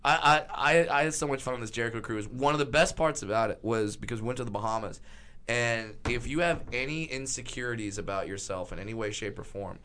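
Bright-voiced stammering excitable man. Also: medium pitch, quick pace, slight background noise. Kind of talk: casual podcast chat.

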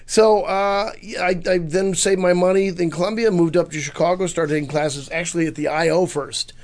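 Gravelly man telling rambling stories. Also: high-pitched, fairly even intonation, normal speed. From Missouri, USA. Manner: rambling self-deprecating storytelling. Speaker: guest, improv comedian. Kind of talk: casual interview chat.

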